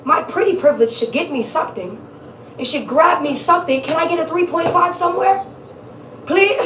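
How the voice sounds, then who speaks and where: A woman's voice: high voice, fairly bright tone, far from the mic, slight background noise. A woman giving a casual live tarot reading, chatty and laughing often, swearing freely. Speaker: tarot reader. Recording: echoey room, off-mic.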